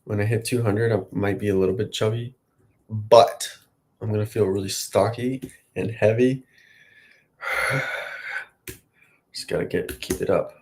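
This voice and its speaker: A man in his late thirties chats to the camera in a loose, wandering way and cheers himself on as he goes. His voice sits a little low and has a gravelly, fry-heavy edge. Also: fairly even intonation, a little slow, long pauses, a little hiss or hum. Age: late 30s. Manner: chatty, self-encouraging, wandering. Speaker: vlogger. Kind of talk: casual rambling self-talk.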